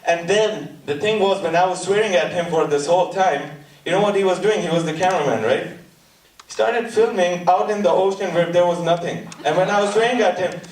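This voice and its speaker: A male stand-up comedian telling a story in a lively way, laughing at his own jokes and dropping into mimicked voices. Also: high-pitched, a little fast. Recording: echoey stage audio from a distant mic.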